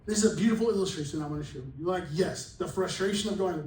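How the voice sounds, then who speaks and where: Male pastor, high voice, chatty and jokey sermon, echoey church room with faint noise. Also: fast talker, darkish tone, recorded from a distance. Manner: conversational, jokey preaching with acted-out quotes. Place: church hall.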